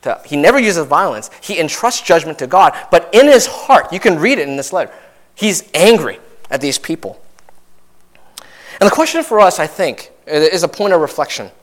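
A young adult man preaching a sermon in a conversational way, with many asides and tag questions, his voice rising and growing louder as he drives a point home. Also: normal speed. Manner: animated, rises in pitch and volume when stressing a point. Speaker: pastor.

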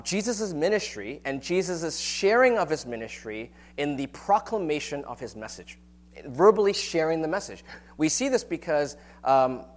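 A man preaching a sermon on a Bible passage in a relaxed, conversational teaching manner, with frequent rhetorical questions. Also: medium pitch. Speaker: pastor.

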